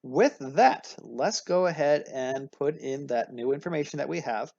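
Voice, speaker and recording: A man with a fairly high, gravelly, darkish voice teaches anatomy at a measured pace in a recorded lecture. Casual and upbeat, he often corrects himself mid-sentence and leans on analogies, captured in a dry, slightly dull recording.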